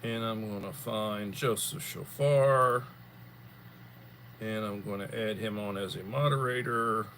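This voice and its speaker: A man's voice: lowish voice, a bit bright, a little hiss or hum. Tired man chatting on a livestream. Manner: rambling, unhurried, repeats words. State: tired, yawning. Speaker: livestream host. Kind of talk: casual livestream chat.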